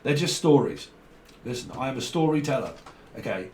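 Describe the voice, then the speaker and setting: A man's voice: mid-range voice, animated, normal speed, darkish tone. A British man giving a rambling, casual tarot reading, joking and laughing often, slipping into slang. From Britain. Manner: chatty, jokey, laughs often, slips into slang and mock voices. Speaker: tarot reader. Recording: echoey room, distant mic, faint noise.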